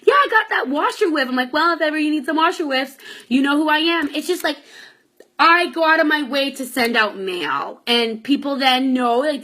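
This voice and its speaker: A woman's voice: on the high side, bright, forceful tone. A Canadian woman who talks in a bubbly, chatty way, giving casual motivational business advice in a vlog and acting out her conversations with others. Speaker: direct sales consultant giving business advice.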